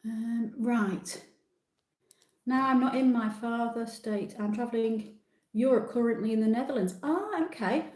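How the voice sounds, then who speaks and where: A woman's voice: a little high, unhurried, a little mellow, reverberant. A woman in her sixties hosting a live stream, reading viewer comments aloud and chatting back in a casual, self-deprecating way. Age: 60s.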